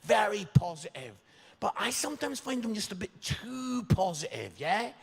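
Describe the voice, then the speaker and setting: A Scottish man telling comic stories to a church audience in a chatty way, often checking in with "yeah?" and bursting into loud shouts. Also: high-pitched, normal speed, gravelly, husky. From Scotland. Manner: chatty, keeps asking "yeah?" for agreement; animated, jumps into loud shouts. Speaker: guest speaker at a church service. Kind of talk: comic storytelling to a live audience. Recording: echoey hall.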